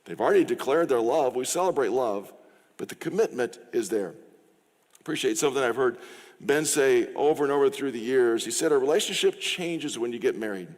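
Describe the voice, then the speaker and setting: A man's voice: mid-range voice, animated, brisk. A middle-aged man preaching a sermon as pastor, in a conversational way, acting out short quoted exchanges. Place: church sanctuary. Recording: long reverb of a church hall.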